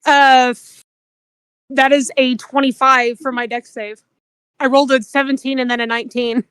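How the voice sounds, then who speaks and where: A woman with a high voice, talking as a player at a tabletop game. Her manner is cheeky and confident, with a ready giggle. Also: level tone, moderate pace, fairly bright tone, clear, resonant tone. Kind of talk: casual tabletop game chat.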